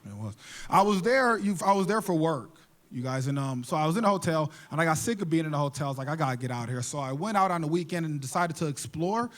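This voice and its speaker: A young adult man performing a stand-up comedy set on a theater stage, telling animated, jokey stories. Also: fairly high pitch, quick pace.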